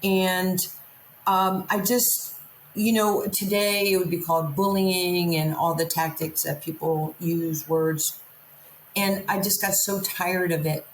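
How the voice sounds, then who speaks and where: A woman's voice: on the low side, little pitch movement, takes it slowly, slight background noise. A woman from Queens, New York, a guest telling her life story candidly and acting out the lines people said to her. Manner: vivid storyteller, acts out quoted lines. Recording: roomy echo.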